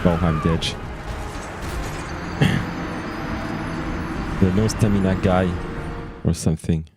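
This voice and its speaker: A man's voice: low-pitched, steady tone, slow, over music. A man casually commenting while he plays a game on a live stream, muttering and cursing mildly at the game. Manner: mutters and swears mildly at the game, switches into French. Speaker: gaming streamer.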